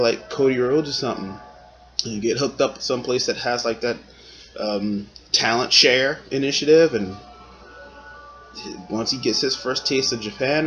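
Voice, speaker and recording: A man's voice: mid-range voice, rough recording. A man giving casual, rambling commentary on his favorite wrestlers, talking in slang and filling gaps with "like" and "um". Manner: laid-back, slangy, rambling with fillers.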